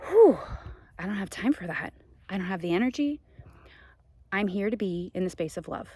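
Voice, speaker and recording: A woman's voice: mid-range voice, animated, brisk, a little mellow, dry recording. A woman hosting her own show, talking passionately in a spiritual monologue, venting with laughs now and then. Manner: passionate, ranting, frequent laughs. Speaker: podcast host.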